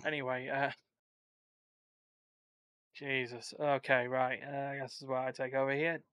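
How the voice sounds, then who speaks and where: A man's voice: mid-range voice, little pitch movement, moderate pace, long pauses, a bit bright, clean tone, no echo. A man hosting a gaming podcast, joking and bantering with his co-hosts in casual chat. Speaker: podcast host.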